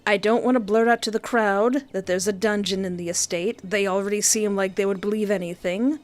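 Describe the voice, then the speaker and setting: A woman's voice: medium pitch, steady tone, fairly quick. A woman streamer chatting playfully while playing a story game, joking and laughing often. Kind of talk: live game commentary.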